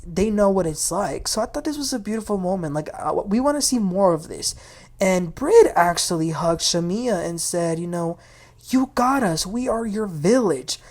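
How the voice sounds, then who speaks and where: A woman's voice: lowish voice, lively intonation, normal speed, a little mellow. A woman hosting a casual, opinionated recap of a reality TV episode. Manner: chatty, opinionated, quotes the cast. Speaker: TV recap host.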